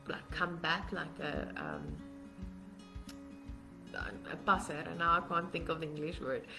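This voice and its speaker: Woman host of a live parenting workshop, low voice, earnest, walks through points one by one. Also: vocal fry, fairly bright tone, low-quality recording. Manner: earnest, explanatory, steps through numbered points. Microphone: webcam or phone on a live stream.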